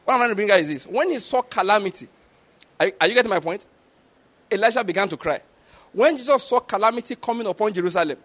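A man preaching a sermon, emphatic and chuckling often, checking whether listeners get his point. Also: fairly bright tone. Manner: acts out quoted voices in a high pitch.

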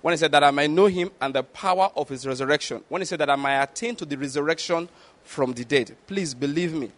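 A man's voice: fast, fairly bright tone. A man preaching a sermon, emphatic and chuckling often, checking whether listeners get his point. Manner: acts out quoted voices in a high pitch.

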